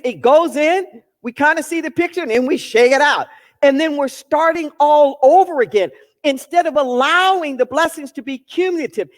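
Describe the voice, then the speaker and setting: High-voiced woman preaching in a hall. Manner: emphatic, repeats key phrases. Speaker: minister. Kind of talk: sermon.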